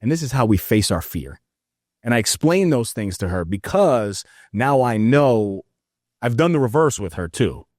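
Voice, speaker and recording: A man in his thirties, a podcast guest, telling stories in an earnest, animated way and calling the listener brother. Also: medium pitch, normal speed, dry recording, clean studio sound. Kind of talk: casual interview chat.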